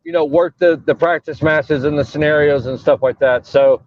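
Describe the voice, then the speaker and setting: A man's voice: on the high side, fairly even intonation, normal speed, no echo, highs cut off. A man, a wrestling referee, talking casually in an interview over a breaking-up mobile call, rambling with lots of fillers and restarts. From Texas. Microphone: phone while traveling.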